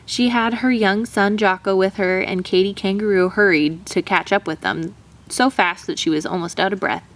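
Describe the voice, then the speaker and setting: A woman teacher reading a children's storybook aloud in an expressive, animated way. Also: medium pitch, moderate pace.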